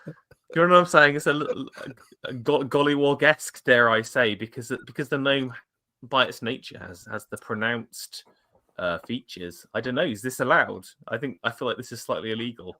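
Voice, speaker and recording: Male co-host, bright tone, mid pitch, stumbling chatty delivery, video-call sound. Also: moderate pace. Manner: stumbling, repeats words, laughs often. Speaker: podcast co-host. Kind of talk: casual chat reacting to adverts.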